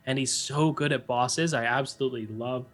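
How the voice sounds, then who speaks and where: A man's voice: mid-range voice, fairly even intonation, moderate pace, a bit bright, soft background music. A young man giving earnest, analytical color commentary on a live esports match.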